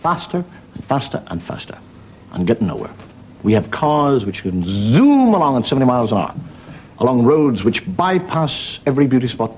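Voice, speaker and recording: A man's voice: mid-range voice, very animated, moderate pace, darkish tone, slight background noise. A man, a wry comedian telling jokes and stories. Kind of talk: stand-up storytelling.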